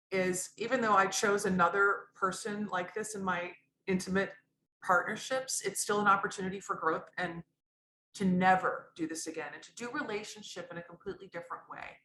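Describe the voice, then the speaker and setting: Candid woman, bright voice, echoey room. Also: mid-range voice, moderate pace, slight background noise. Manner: emotional, rambling, restarts often. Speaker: podcast guest. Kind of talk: candid personal storytelling.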